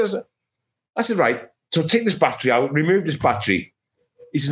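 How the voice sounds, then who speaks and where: A middle-aged man from England, a football journalist on a podcast, telling a long anecdote with animated asides and exasperated re-enactments. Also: fairly high pitch, fast. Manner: animated storytelling, acts out his own exasperation.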